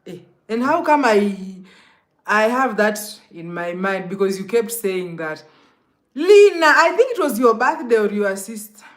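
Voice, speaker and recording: A woman's voice: medium pitch, very animated, unhurried. A young Kenyan woman chatting casually on a live stream, greeting commenters by name and laughing often.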